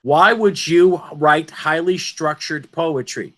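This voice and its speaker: A man's voice: fairly high pitch, slow pace, a bit bright. A man teaching a poetry lesson to an online class, emphatic and asking his students questions.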